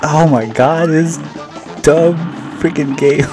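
A man's voice: a little high, steady tone, slow pace. Jokey man narrating his own gameplay. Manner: jokey, self-mocking, repeats words. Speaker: gaming channel host. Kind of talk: casual gameplay commentary. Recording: game music playing behind.

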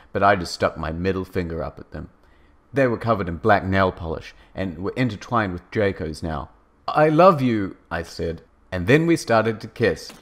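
A man hosting and narrating a comedic dramatic reading, deadpan with sarcastic swoops. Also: low-pitched. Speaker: narrator and host. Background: music.

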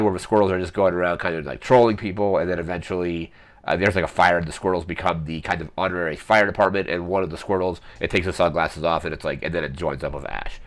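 A man hosting a retro show, recapping episodes in a casual, rambling way with many ums and self-corrections. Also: deep voice. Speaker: podcast host.

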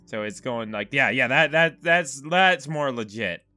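A man's voice: mid-range voice, lively intonation, a little slow, bright, forceful tone, soft background music. A young man commenting as he plays a puzzle game, rambling and self-mocking as he thinks aloud. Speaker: gaming video host. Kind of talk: let's-play commentary.

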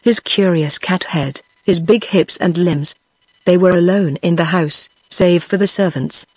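British-accented computer woman reading an audiobook, even and measured, a bit breathy, dry close sound. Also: fairly low pitch, no room sound. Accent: British English. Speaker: audiobook narrator. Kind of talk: text-to-speech audiobook narration.

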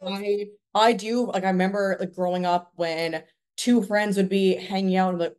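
A woman's voice: mid-range voice, fairly even intonation, moderate pace, a little mellow, smooth. A woman in her twenties from Canada, a podcast guest speaking earnestly in casual conversation and giving advice with plenty of fillers. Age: 20s.

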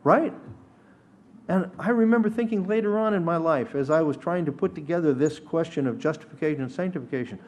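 A man's voice: a little high, lively intonation, fairly quick, darkish tone. A man teaching a sermon at a synagogue service, earnest and emphatic, sometimes rising to exhortation. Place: synagogue sanctuary.

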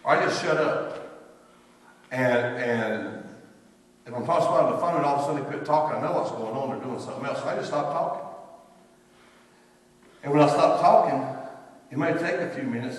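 Preaching from a church sanctuary, this man tells homespun stories and voices the people in them, speaking a little fast in a mid-range voice broken by long pauses. He's captured from a distance, with the hall's echo around him.

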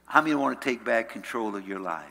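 A man preaching a sermon as pastor. He uses call-and-response and swings from loud, rising calls to soft, low passages. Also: animated, fast talker, creaky. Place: church sanctuary. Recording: church hall reverb.

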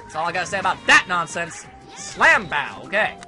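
A young man giving casual, sarcastic gameplay commentary, grumbling at the game and now and then bursting into shouts. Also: high-pitched, big pitch swings, normal speed. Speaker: let's play commentator. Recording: faint game music behind.

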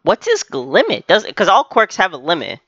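Excitable man reacting to anime. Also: high voice, moderate pace, no echo, lo-fi sound. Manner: excitable, talks back to the screen. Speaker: anime reaction channel host. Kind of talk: live reaction commentary.

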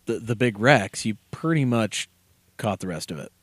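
Low-voiced rambling man on a podcast. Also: lively intonation, normal speed, no room sound. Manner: rambling, filler-heavy storytelling. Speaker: podcast co-host. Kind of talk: casual car podcast banter. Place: basement studio.

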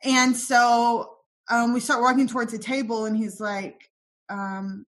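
A young woman guest on a podcast interview, telling a personal story with quoted dialogue, soft and halting, with many pauses and ums. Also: a little high, little pitch movement.

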